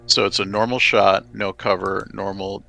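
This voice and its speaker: A man's voice: lowish voice, level tone, normal speed, gravelly, bright, forceful tone, soft background music. A man playing a tabletop western game, talking hesitantly with many fillers as he decides his moves. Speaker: player. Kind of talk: tabletop game play, casual.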